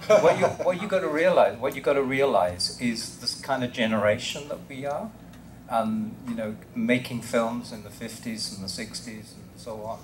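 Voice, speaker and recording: A man's voice: medium pitch, normal speed, slight background noise. A man in his sixties with a posh English accent, earnestly explaining things on a convention panel. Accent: English, received pronunciation.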